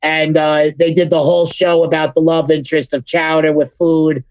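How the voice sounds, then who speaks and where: A woman's voice: deep voice, level tone, normal speed, darkish tone. A woman co-hosting a casual podcast chat, blunt and casually profane. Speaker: podcast co-host. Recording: dull, lo-fi dry mic.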